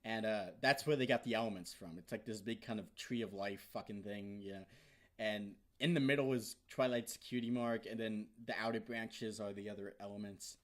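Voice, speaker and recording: A young man excitedly recapping a cartoon episode in a rambling, casual way, swearing often and now and then bursting into loud shouts. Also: fairly low pitch, moderate pace. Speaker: vlogger.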